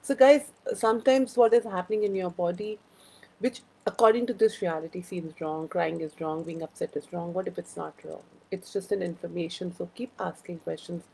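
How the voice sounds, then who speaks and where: A woman's voice: on the low side, moderate pace, vocal fry, darkish tone, husky, rough recording. A woman hosting a casual live-stream chat, rambling through personal stories and greeting viewers by name. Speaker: host of a live wellbeing chat.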